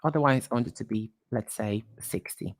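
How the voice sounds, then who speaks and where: Low-voiced woman demoing software. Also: dry recording. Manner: talks while clicking through screens, quick self-corrections. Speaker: presenter. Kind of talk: live software demo tutorial.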